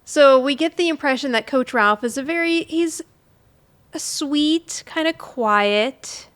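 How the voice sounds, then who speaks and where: A woman co-hosting a casual podcast, recapping old sitcom episodes in a relaxed, chatty way. Her voice sits fairly high, and she laughs easily as she talks. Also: slow. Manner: chatty, laughs often, retells scenes in quoted voices. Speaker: podcast co-host.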